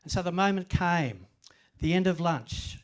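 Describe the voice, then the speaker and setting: A man's voice: high voice, expressive, unhurried. An older man giving a self-deprecating, humorous storytelling talk at a library event. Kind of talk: storytelling presentation.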